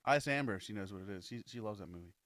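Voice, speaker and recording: A man's voice: lowish voice, lively intonation, racing, fairly bright tone, no echo, studio quality. A man co-hosting a casual podcast, swearing freely and laughing as he quotes comedy sketches. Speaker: podcast co-host.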